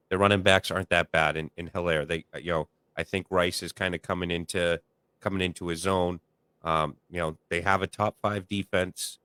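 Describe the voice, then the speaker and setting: A man with a very deep, smooth voice gives blunt opinions as a co-host on a casual sports talk show. He leans on fillers as he talks, and the sound is close and dry. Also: a bit bright, no echo. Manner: opinionated, lots of fillers like "you know".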